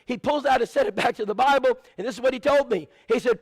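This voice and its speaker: Man, preacher, sermon, high voice, dry sound, storytelling, lists. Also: fast, hardly any pauses, no echo. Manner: storytelling with many lists and asides.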